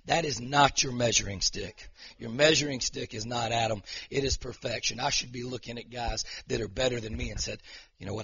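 A man preaching a sermon as pastor, emotional and fervent, rising into loud prayer declarations. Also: mid-range voice, moderate pace, slightly rough, muffled recording.

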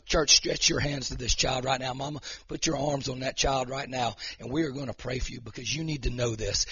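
Male pastor, mid-pitched husky voice, passionate preaching and prayer, dull recording. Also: a bit bright. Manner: emotional, fervent preaching that swells into declarations. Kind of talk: sermon.

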